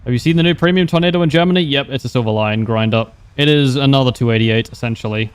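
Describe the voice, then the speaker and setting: A man's voice: mid-range voice, quick pace, clean tone. A young man livestreaming a game, chatting casually with wry humor, laughing often and answering viewers' questions. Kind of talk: casual gameplay commentary.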